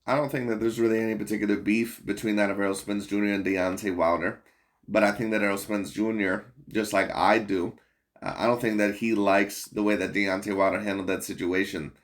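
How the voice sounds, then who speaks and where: A man's voice: fairly low pitch, fairly even intonation, fairly quick. A man hosting a boxing commentary channel, talking bluntly and profanely in a rambling, casual rant full of fillers.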